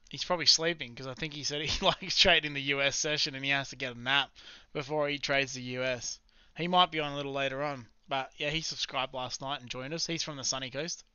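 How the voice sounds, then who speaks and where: A man's voice: on the high side, pushed and bright, clean tone, no echo, lo-fi sound. Laid-back Australian man chatting on a stream. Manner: chatty, rambling, laughs often, slangy. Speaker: livestream trading host. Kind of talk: casual live-stream chat.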